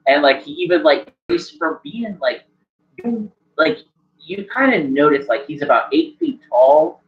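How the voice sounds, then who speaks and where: A man's voice: fairly high pitch, big pitch swings, unhurried. A man narrating a tabletop game as game master, rambling and full of "like" fillers. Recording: dull lo-fi sound, faint music.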